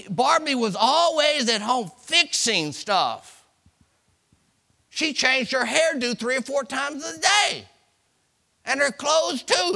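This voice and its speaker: A man's voice: very high-pitched, lively intonation, slow, creaky, sharp tone. A middle-aged man preaching a sermon in a folksy storytelling way, acting out voices and repeating words for effect.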